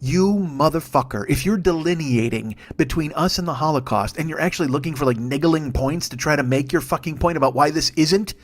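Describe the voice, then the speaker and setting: A male comedian in his forties delivers a furious, profanity-laced rant, riffing freely from one jab to the next. His speaking voice sits slightly higher than most men's. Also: fairly quick, few pauses. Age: 40s. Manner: angry, sweary, riffing. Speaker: comedian podcast host.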